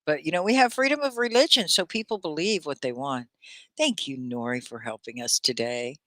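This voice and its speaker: A Texan woman hosting a live online English class gushes animatedly as she reads viewers' comments aloud. Her voice is low-pitched and fairly quick, captured in a dry recording.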